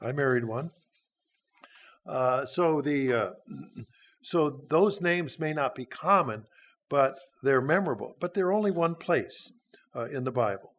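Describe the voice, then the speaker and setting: A man's voice: medium pitch, expressive, unhurried, a bit bright. A man in his sixties giving a sermon, teaching through a Bible passage in a folksy, conversational way with frequent hesitations. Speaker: church speaker.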